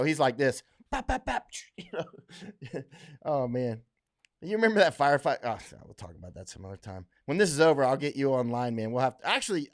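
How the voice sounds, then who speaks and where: Rambling middle-aged man from Florida. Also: medium pitch. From Florida, USA. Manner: rambling, many fillers and restarts; blunt, emphatic, laughs often. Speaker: livestream host reading viewer comments. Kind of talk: casual rambling livestream chat.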